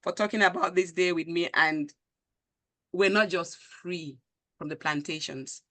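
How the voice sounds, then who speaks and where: A woman's voice: lowish voice, unhurried, a bit bright. A woman with a Nigerian accent hosting a conversation, speaking with passion and conviction and reading out viewer comments. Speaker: show host. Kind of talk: live-stream conversation.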